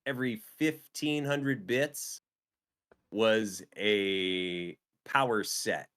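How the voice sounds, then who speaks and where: A man hosting a casual stream chat, telling stories with lively acted-out reactions. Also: on the low side, extremely slow, clean tone. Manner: lively storytelling, acts out his own reactions. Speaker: streamer host.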